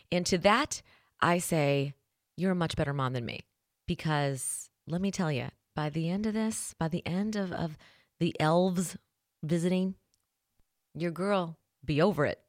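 A woman's voice: on the low side, darkish tone, dry recording. Woman, 30s, morning host, dry studio sound, chatty and self-deprecating. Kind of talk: casual chat. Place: her studio.

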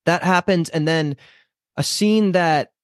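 A man's voice: fairly high pitch, slow pace, no echo, clean studio sound. Chatty man hosting a podcast. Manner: chatty, swears casually, rambling. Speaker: podcast host. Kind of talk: casual show discussion.

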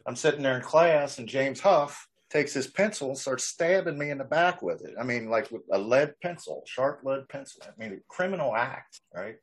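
A man's voice: mid-range voice, expressive, normal speed, hardly any pauses, breathy edge. A man in a casual chat, talking bluntly and with profanity about being picked on at school. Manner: blunt and profane, laughs along.

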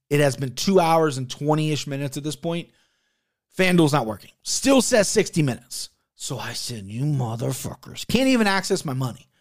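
A young man hosting a sports betting podcast, talking in an animated, profane, rambling way. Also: fairly high pitch. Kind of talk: casual chat.

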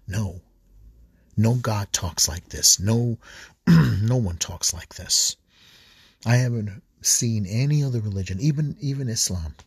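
A man preaching an earnest, repetitive reflection on scripture readings for a podcast, often restarting phrases and clearing his throat. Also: on the low side, dry recording, clean studio sound.

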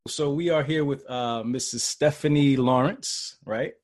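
A man hosting a casual interview show, easygoing, repeating words and filling pauses with um. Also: mid-range voice, fairly even intonation. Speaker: interview host.

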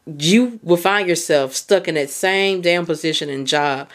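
A woman's voice: on the low side, unhurried. A woman hosting a podcast and coaching, talking in a candid, conversational way with casual swearing and frequent laughter. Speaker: podcast host and mindset coach.

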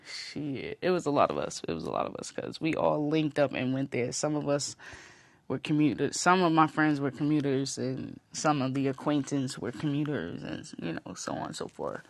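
A woman's voice: very deep voice, lively intonation, normal speed, gravelly, a little mellow, dry recording. A woman vlogger telling a rambling storytime, casual and profane, full of fillers.

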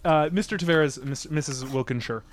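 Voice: medium pitch, brisk, a little hiss or hum. A host asking wry questions in an improvised comedy podcast.

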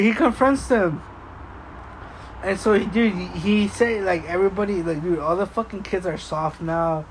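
A man's voice: sits high, a little hiss or hum, low-quality recording. A young man telling a story in casual chat, profane and laughing often. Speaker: podcast co-host.

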